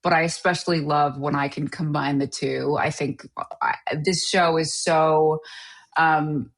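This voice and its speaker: A woman's voice: sits low, fairly even intonation, a little slow. A woman actor from Canada, a guest on an interview podcast, chatting animatedly with frequent laughs and restarts. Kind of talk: casual interview chat.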